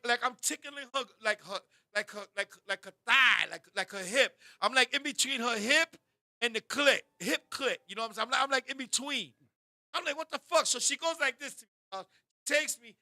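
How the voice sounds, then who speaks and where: High, sharp-voiced man telling raunchy stories. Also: a little fast, no echo, studio quality. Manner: animated, bursts into shouting, keeps addressing a co-host. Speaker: show host. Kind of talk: raunchy comedic storytelling.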